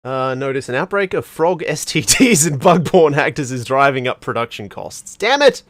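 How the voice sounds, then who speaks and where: A man's voice: medium pitch, normal speed, fairly bright tone, dry recording, clean studio sound. A man hosting a let's play, giving casual, wry commentary on a game and reading on-screen text aloud.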